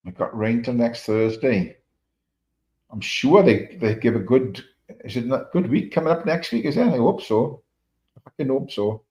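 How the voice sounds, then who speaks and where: A middle-aged Welsh man with a Welsh accent hosts a livestream, chatting casually, rambling through stories and swearing a lot. His mid-range voice is animated and a little mellow at a moderate pace, and the stream audio is dull and lo-fi.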